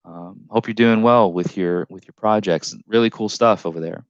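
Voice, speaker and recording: A man's voice: fairly low pitch, moderate pace, no echo, dull audio. A man hosting a casual live stream, reading chat comments aloud in a rambling, jokey way with frequent restarts.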